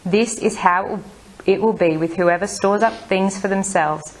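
Female scripture reader with a mid-range pitch, reading carefully and evenly. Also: a little slow, a little hiss or hum, poor audio.

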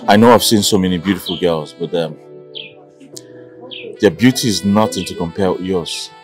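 An actor playing an earnest young man declaring his love, speaking softly. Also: low-pitched, normal speed, faint music behind, lightly acted. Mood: tender. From Nigeria. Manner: soft, earnest, tender.

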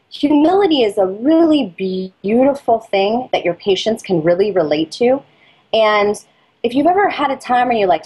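Middle-aged woman, marketing consultant guest; breathy-husky edge, animated persuasive delivery. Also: fairly high pitch, rough recording. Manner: lively and persuasive, acts out patient and dentist dialogue. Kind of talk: energetic interview talk, coaching advice.

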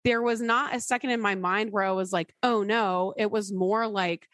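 A woman's voice: mid-range voice, steady tone, normal speed, fairly bright tone, no echo. A young woman co-hosting a podcast, chatting casually and filling her talk with "like". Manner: chatty, lots of "like" fillers. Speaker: podcast co-host, newly engaged. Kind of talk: casual chat.

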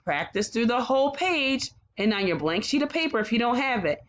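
A woman teaching a phonics lesson to young children, sounding out letters slowly and praising them often. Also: fairly high pitch, sing-song. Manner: slow, encouraging, sounds out letters. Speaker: kindergarten teacher.

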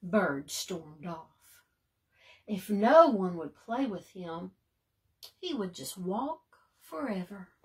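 A woman librarian reading a bedtime storybook aloud, gently and expressively, often sinking to a soft hush. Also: mid-range voice, sing-song, slow. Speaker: children's librarian.

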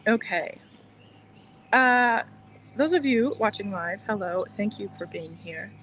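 A soft-spoken woman chats to her viewers in a gentle, rambling way, hosting a crochet livestream out in the sun. Her pitch sits in a middle range, and birds chirp faintly behind her. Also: lively intonation, slow, a little hiss or hum. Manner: chatty, reassuring, rambling. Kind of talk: casual livestream chat. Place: outdoors in the sun.

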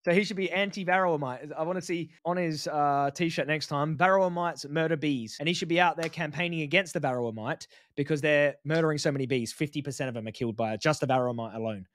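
A man's voice: fairly high pitch, fast talker, hardly any pauses, no echo. Blunt, mocking man with a dry close sound. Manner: blunt, mocking, animated, says "mate" often. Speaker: vegan activist commentator. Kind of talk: casual reaction commentary.

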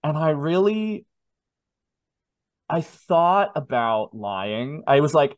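A man in his twenties, telling a personal story in a casual interview with animated, self-deprecating asides. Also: fairly high pitch, takes it slowly, long pauses, no echo. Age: 20s. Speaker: guest.

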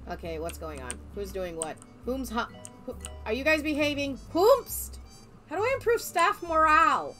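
A young woman chats over a game in a high, bouncy voice. She teases and jokes with a playful, laughing manner. Faint music plays underneath. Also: very animated, moderate pace, bright, forceful tone. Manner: playful, teasing, laughs often, silly put-on accents. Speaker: streamer playing a hospital game. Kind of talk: casual gaming chat.

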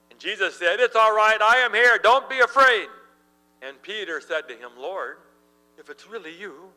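Animated male pastor, bright voice, humming background. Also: on the high side, big-room sound, poor audio. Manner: animated storyteller, laughs while telling. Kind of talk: sermon with storytelling. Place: church.

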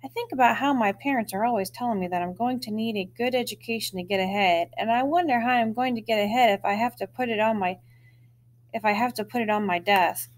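A woman reading a children's chapter book aloud, with expressive storytelling and lively lifts in her voice. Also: on the high side, fast talker.

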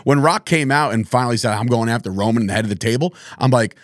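A man's voice: mid-range voice, fast, dry recording, clean studio sound. A man hosting a podcast interview, talking in a chummy, rambling way with frequent laughs and slang. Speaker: podcast host. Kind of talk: casual interview chat.

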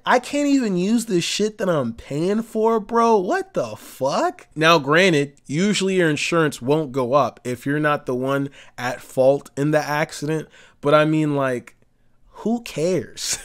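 A comedian ranting in an exasperated, profane, emphatic way. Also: male voice, fairly high pitch. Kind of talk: comedic rant.

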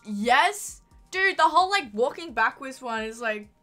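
Young aussie woman streaming, chatty and sweary, bright high-ish voice, music going underneath. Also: animated, a little slow. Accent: Australian, mild. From Australia. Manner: chatty, swears freely, reads chat aloud. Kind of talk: casual live-stream chat.

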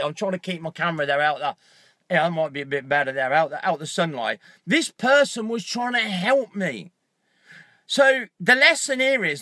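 An animated man vlogs to camera from inside a parked car, recorded on a handheld phone with no echo and a voice that sits high. A motivational vlogger, he tells his story by acting out his angry thoughts in loud, sweary outbursts.

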